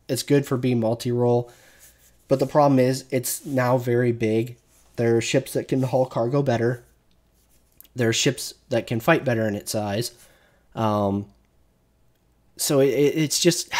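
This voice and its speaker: A male streamer rants through a casual gaming commentary, swearing freely and restarting his sentences as he vents. His voice sits at an ordinary middle pitch. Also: darkish tone. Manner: profane, ranting.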